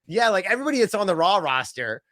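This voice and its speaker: A man's voice: high voice, very animated, fast, fairly bright tone, no echo, clean studio sound. A man co-hosting a podcast, chatting casually in a rambling way with lots of fillers and quoted asides. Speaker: podcast co-host. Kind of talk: casual wrestling chat.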